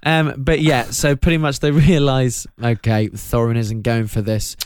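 A man's voice: mid-range voice, little pitch movement, a little slow, darkish tone, clear, resonant tone, no room sound, studio quality. A man co-hosting a casual podcast, recapping a film in a jokey way and laughing often. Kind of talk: casual chat.

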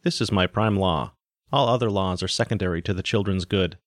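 A calm, resonant male robot teacher from a storybook speaks in even, dutiful sentences, as a man reading the tale puts him on. The voice sits very low and sounds close and dry. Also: no room sound, close to an everyday voice. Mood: flat dutiful. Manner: measured, flat, dutiful.

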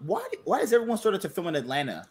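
A man in a casual podcast chat, with a slightly high and very lively pitch. He rambles through asides and laughs often. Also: rapid-fire. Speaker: podcast co-host.

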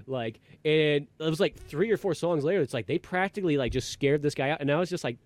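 A man hosting a podcast, telling a rambling, animated story in casual chat and acting out quotes in a raised voice. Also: fairly high pitch, fast, few pauses. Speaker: podcast host.

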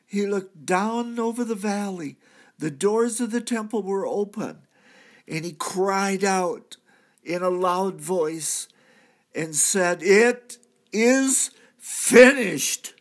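A man's voice: sits high, takes it slowly. A man playing a repentant thief from the crucifixion, telling his story earnestly in a church drama monologue. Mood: solemn. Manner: earnest storytelling, swelling to cries at key moments. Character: repentant male thief, crucified, now redeemed.

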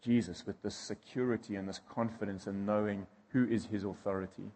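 A man's voice: lowish voice, steady tone, fairly quick, a little mellow, in a large hall. A male preacher delivering a sermon, emphatic and repeating key phrases as he builds intensity.

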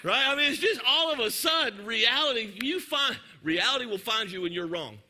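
A man in his fifties preaching a sermon. He tells a story with lots of energy and jokes, and he keeps checking in with the crowd. His voice sits high and sounds strikingly bright and forward. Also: normal speed, slight background noise. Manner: animated, joking, talks directly to the audience. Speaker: pastor.

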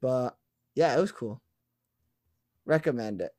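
Excited young man telling a story. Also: medium pitch, unhurried, dry recording. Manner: excited storytelling, swears casually. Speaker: podcast co-host. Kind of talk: casual chat.

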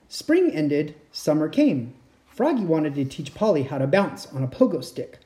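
A woman reading a children's picture book aloud at bedtime, expressive and playing out sound effects. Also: low-pitched, normal speed. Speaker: storyteller. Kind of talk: bedtime story read-aloud.

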